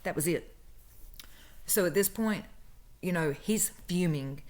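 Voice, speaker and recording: A woman's voice: fairly low pitch, slow pace, darkish tone. A woman, casually telling a story about her old job and acting out the people she quotes. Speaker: vlogger telling a work story.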